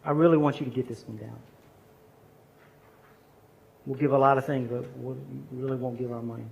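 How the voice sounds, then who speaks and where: A man's voice: mid-range voice, fairly even intonation, moderate pace, gravelly, a little mellow, muffled recording. A man speaking at a chapel service, telling a personal story in an earnest, conversational sermon.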